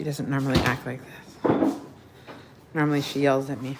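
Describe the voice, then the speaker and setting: A woman's voice: rumbling low, level tone, normal speed, pauses often. A woman hosting a casual live cooking demo from her home kitchen, chatty and scattered, talking straight to her viewers. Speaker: weight-loss coach hosting a live cooking stream. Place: home kitchen with pets and family about. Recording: echoey room with clear background noise.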